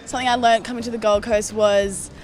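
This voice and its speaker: A woman's voice: on the high side, steady tone, fast, darkish tone. A woman in a street interview explaining slang animatedly, with plenty of fillers. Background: faint background music.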